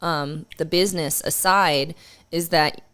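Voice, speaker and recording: A woman's voice: deep voice, steady tone, a bit bright, clear, resonant tone. A woman co-hosting a casual podcast, talking frankly and emphatically. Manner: emphatic, frank, quick agreement. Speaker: podcast co-host.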